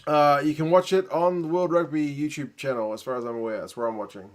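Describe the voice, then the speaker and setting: A man with a New Zealand accent hosting a late-night live reaction stream. He mutters asides and answers chat comments in a relaxed, tired way. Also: fairly high pitch, quick pace. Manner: relaxed, muttered asides and chatty replies to viewers.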